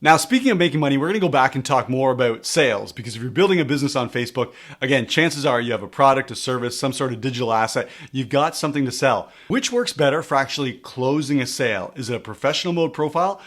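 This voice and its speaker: A man talks quickly through a screen-recorded tutorial and leans on repeated phrases for emphasis. His pitch sits in a middle range and his delivery stays clear and instructive. He sounds close to the mic. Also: lively intonation, fairly bright tone. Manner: emphatic, repeats key words for stress. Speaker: coach explaining social media marketing.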